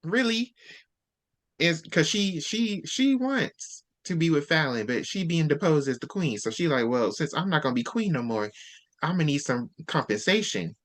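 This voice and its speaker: Host: man, mid-pitched, chatty book recap voice, acts out quotes on the fly. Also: sing-song, fairly bright tone. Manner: retells scenes with quick quoted dialogue. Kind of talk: casual book discussion.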